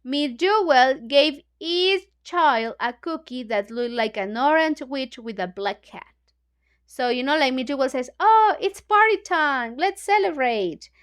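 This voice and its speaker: Unhurried Mexican woman explaining a story. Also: sits high, lively intonation, clear, resonant tone. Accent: Mexican Spanish. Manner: chatty, hesitant, many fillers, glosses lines in Spanish. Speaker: English book club teacher. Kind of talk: reading a storybook aloud and explaining it.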